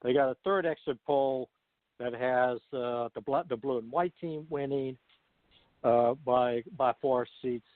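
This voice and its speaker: A man's voice: mid-range voice, measured pace, no room sound. Chatty man on a tinny phone line. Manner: chatty storyteller, animated retellings. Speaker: radio show co-host. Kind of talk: casual political talk radio chat.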